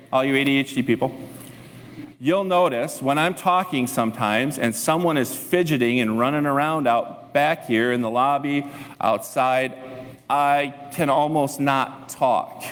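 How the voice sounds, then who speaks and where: Male pastor preaching in a reverberant church. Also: a little high. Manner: lively storytelling, acting out his own inner thoughts. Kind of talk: sermon. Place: church sanctuary. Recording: long reverb of a church hall.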